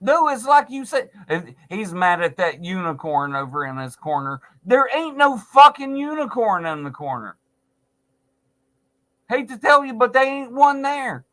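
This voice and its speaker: A man in his forties rants to his viewers in a high voice for a man. He speaks slowly and drags out his words. He is sarcastic and swears through nearly every line. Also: sing-song, pushed and bright. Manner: angry, sarcastic, heavy swearing. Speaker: vlogger. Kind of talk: profane ranting monologue.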